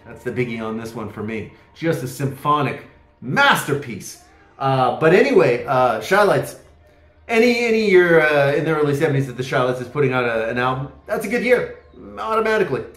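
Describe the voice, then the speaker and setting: Animated, rambling record-collector man. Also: mid-range voice, fairly quick, echoey room. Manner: enthusiastic, rambling with many fillers and exclamations. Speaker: vinyl collector vlogger. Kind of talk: casual record review.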